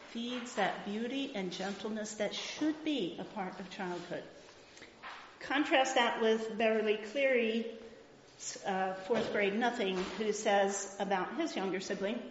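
A middle-aged woman speaks to a live audience with enthusiasm and emphasis. Now and then she reads passages aloud. The recording is lo-fi and dull, with a long hall echo and faint noise behind her. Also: medium pitch.

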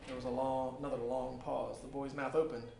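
A man's voice: medium pitch, little pitch movement, fairly quick, creaky, darkish tone. A male teacher reading a story aloud to a class in a classroom, with casual, chatty asides between passages. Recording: echoey room with faint noise.

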